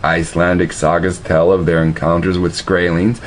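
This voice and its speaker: A man's voice: sits low, little pitch movement, moderate pace. A man telling profane, meandering stories in a casual monologue, often restarting his sentences. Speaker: video host. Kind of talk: casual rambling storytelling.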